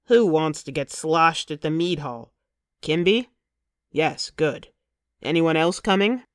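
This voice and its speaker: A woman voicing a jovial male Viking crewman who speaks in a loud, dismissive, rallying way. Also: deep voice, slow pace, no echo, studio quality, pitched below the performer's own voice. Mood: hearty.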